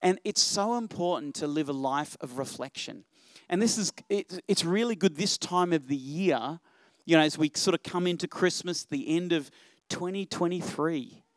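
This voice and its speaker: A middle-aged man preaching a church sermon, animated, asking rhetorical questions and swinging between loud urging and quiet reflection. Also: fairly high pitch, moderate pace, dry recording. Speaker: pastor.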